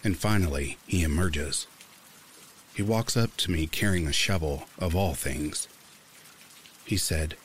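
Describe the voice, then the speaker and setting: A man narrating creepy true stories in a calm, steady storytelling manner. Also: deep voice, moderate pace, slight background noise.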